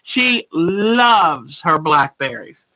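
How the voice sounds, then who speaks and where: A woman's voice: sits low, sing-song, drawn-out words, heavy background noise. A woman hosting a quilting livestream, chatting casually and greeting viewers by name as she rambles along.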